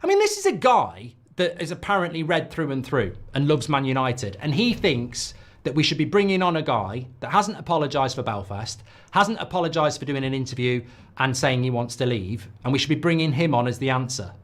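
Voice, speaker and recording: A man's voice: mid-range voice, very animated, a little fast. A middle-aged man hosting a football watchalong, ranting in live match reaction with frequent swearing.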